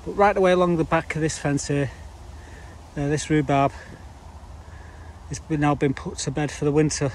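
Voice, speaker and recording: An allotment vlogger chats casually to camera while working his garden, rambling with dry, grumbling asides. His voice is a little high with fairly even intonation, moving at a moderate pace with long pauses. Faint outdoor ambience sits in the background.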